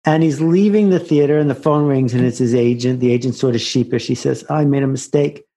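A man's voice: medium pitch, fairly even intonation, brisk, dark tone. A man, an author, talking as a guest in an interview and building anecdotes toward a punchline. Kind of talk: conversational storytelling.

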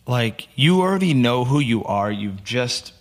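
Here a young man from the US, appearing as a podcast guest, spins stories in relaxed conversation, voicing the people he quotes with animation. He speaks at a medium pitch and an unhurried pace.

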